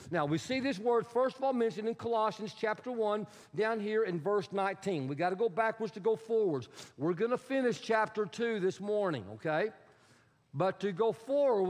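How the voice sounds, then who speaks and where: High-voiced pastor preaching in a reverberant hall. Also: male voice. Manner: emphatic, repetitive teaching with audience prompts. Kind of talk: sermon. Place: church sanctuary.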